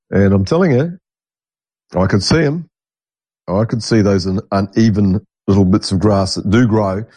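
Rambling middle-aged host, lowish mellow voice, dry close sound, loose casual monologue. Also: male voice, no room sound. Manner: rambling, self-interrupting, laughs at own stories. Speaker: podcast host.

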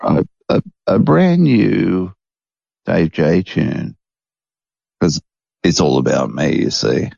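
A man's voice: low voice, huge pitch swings, slow, gravelly, long pauses, dark tone, breathy edge, no room sound, dull audio. A man hosting a rambling, casual late-night chat at home, chuckling often. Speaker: podcast host.

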